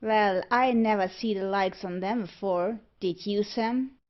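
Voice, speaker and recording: A woman's voice: measured pace, lo-fi sound, lightly acted. A woman reading aloud, voicing a cheeky little street sweeper who shrieks his remarks. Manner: cheeky, shrill.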